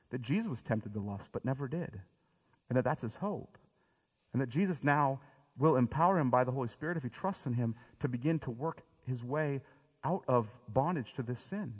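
A man's voice: mid-range voice, slightly rough, long reverb tail. A man preaching a sermon as pastor, talking in a direct, emphatic way and often restarting his words. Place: church sanctuary.

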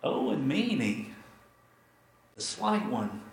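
A man pastor telling a story in a sermon, dramatic and repetitive, with emphatic pauses. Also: a little high, very animated, gravelly, reverberant, poor audio.

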